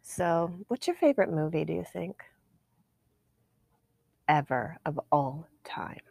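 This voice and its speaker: A woman's voice: low voice, expressive, slow pace, gravelly, a little mellow, breathy edge, no echo. A woman in her forties co-hosting a podcast, chatting casually and laughing often. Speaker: podcast co-host. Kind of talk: casual chat. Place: at home.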